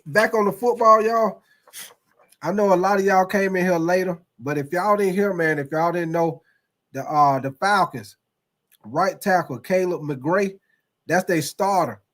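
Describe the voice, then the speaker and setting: A man hosting a casual sports podcast who talks in a loose, rambling way, addresses his chat directly and laughs often. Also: sits high.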